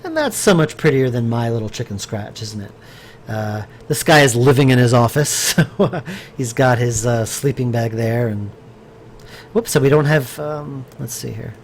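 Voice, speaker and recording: With lively intonation and a moderate pace, a mid-range male voice carries casual live-stream commentary over slight background noise. He's a game developer working on stream, thinking aloud, rambling with fillers and restarts, and fielding viewer chat.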